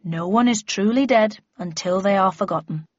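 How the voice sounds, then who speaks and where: Older father, read by a woman, wry and calm, slow dry delivery, dry close sound. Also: medium pitch, dry recording, dull audio, natural voice. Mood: gentle. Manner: measured, dry and unhurried.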